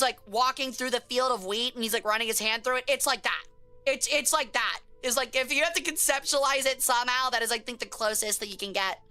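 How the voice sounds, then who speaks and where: A woman's voice: on the high side, pushed and bright, smooth. A woman streamer chatting casually on a live stream, slangy and joking as she reacts to chat, with faint music behind her.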